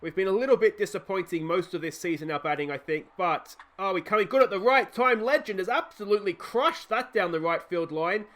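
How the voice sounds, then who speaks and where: Excitable Australian man calling a game. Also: high-pitched, brisk, hardly any pauses. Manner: fan-style play-by-play, shouting on big hits. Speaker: let's play host.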